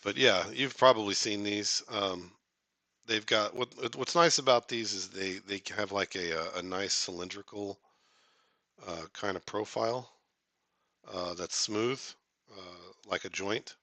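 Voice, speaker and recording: Bright-voiced man rambling on a live stream. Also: on the low side, a little slow, no echo. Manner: rambling, joking, with many fillers and restarts. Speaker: artist hosting a live stream. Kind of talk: casual live-stream chat.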